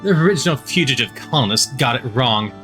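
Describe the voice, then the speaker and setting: Man reading as stern governor, bright forceful rally voice. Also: lively intonation, fairly quick, faint music behind, natural voice. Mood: rousing. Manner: booming speechmaking, pushy. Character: stern male colony governor, domineering.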